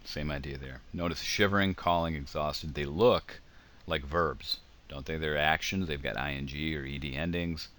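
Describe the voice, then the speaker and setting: A man's voice: extremely low pitch, normal speed, fairly bright tone. A man giving a casual grammar lecture over slides, explaining with examples and frequent ums. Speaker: teacher.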